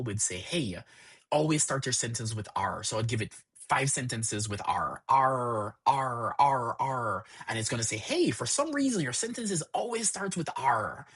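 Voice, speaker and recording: A man's voice: mid-range voice, a bit bright, breathy edge. A man hosting a live-streamed lesson, explaining with examples and answering chat questions in a rambling way, often repeating "actually" and "so".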